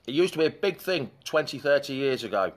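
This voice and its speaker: A man's voice: mid-range voice, expressive, quick pace. A man hosting a live fan chat show in a chatty, rambling way, breaking off to greet commenters.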